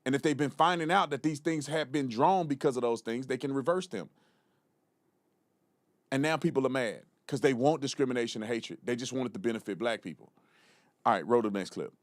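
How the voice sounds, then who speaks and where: A man's voice: mid-range voice, a little fast, dry recording. A man hosting a live political commentary show, blunt and mocking in his remarks. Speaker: show host.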